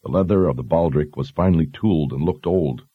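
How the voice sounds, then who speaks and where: A male narrator reading a fantasy story in a measured, even way. His voice is very deep and husky. The recording is dry and close, with a slightly dull sound. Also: no echo. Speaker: audiobook narrator.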